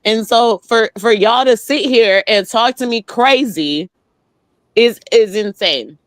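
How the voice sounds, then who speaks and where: A woman's voice: fairly high pitch, takes it slowly, dry recording. A woman guest on a talk roundtable, angry and swearing hard as she vents about politics. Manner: angry, profane, emphatic. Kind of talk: heated political rant.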